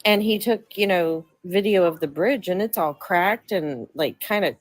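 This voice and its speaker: A woman's voice: fairly low pitch, unhurried, dry recording, poor audio. A woman hosting a livestream panel, chatting casually in a rambling way that trails off into fillers. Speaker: livestream host.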